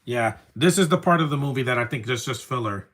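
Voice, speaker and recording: A man's voice: medium pitch, lively intonation, quick pace. Wry young man muttering film commentary. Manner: wry, opinionated, trails off quietly. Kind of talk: casual live movie commentary.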